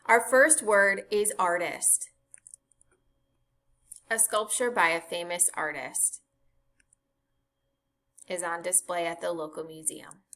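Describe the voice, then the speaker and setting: Slow, bright-voiced woman teaching phonics. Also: lowish voice, steady tone. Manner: slow, deliberate, spells out letters and sounds. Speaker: reading teacher. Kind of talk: scripted phonics lesson.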